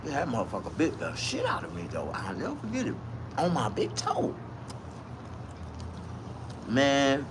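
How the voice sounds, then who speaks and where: A man's voice: mid-range voice, unhurried, long pauses. Guy ranting a crazy story, cussing a lot, bouncy voice, faint hum behind. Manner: profane, animated, rambling. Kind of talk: comic storytelling rant.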